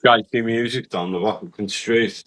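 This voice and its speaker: A Scottish man on a call in casual chat, crude and quick with short interjections. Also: lowish voice, steady tone, fairly bright tone, low-quality recording.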